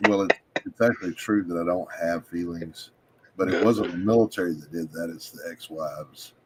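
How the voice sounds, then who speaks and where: A man who is a guest artist on a drawing livestream, chatting casually with dry, deadpan humor. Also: sits low, moderate pace, a little hiss or hum, low-quality recording.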